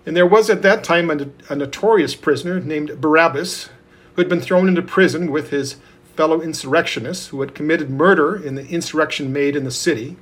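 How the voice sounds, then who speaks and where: A man reading scripture aloud in a steady, measured way. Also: a little high, slightly rough. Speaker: scripture reader.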